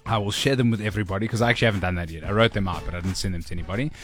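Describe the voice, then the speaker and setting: A man's voice: lowish voice, racing, a bit bright, faint music behind. A man hosting a radio show, chatting casually and playfully, often mocking himself and restarting his sentences.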